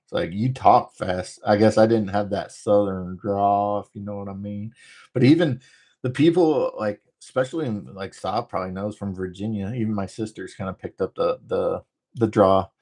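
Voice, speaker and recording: Fast-talking American man on a livestream. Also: lowish voice, darkish tone. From northern United States. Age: adult, former military. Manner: rambling, joking, talks fast. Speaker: livestream host. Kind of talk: casual livestream chat reading viewer comments.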